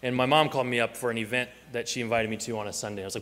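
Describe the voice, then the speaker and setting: A man's voice: lowish voice, flat delivery, racing, few pauses, a bit bright, big-room sound. A man preaching a sermon, telling stories and acting out the voices he quotes. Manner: storytelling, acts out quoted voices. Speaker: pastor.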